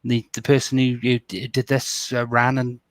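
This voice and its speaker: A man voicing a nervous male security official in a tabletop role-play, reporting in halting, stammering sentences. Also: medium pitch, monotone, dry recording, natural voice, rough recording. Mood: dutiful.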